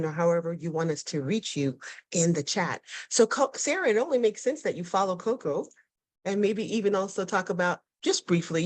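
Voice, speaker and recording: A woman from New York hosting an online networking call. She talks in an upbeat, chatty way and sometimes repeats words. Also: fairly low pitch. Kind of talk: lively casual hosting. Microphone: video call.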